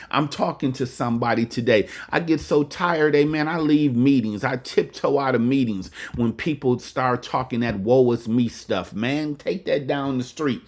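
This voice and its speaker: A man's voice: medium pitch, a little mellow. A man giving a preacherly motivational talk, often asking listeners to talk back and repeating lines for emphasis. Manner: call-and-response, repeats lines for emphasis, says "amen" often; colloquial Southern Black church cadence with dice-game slang. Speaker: motivational speaker and pastor.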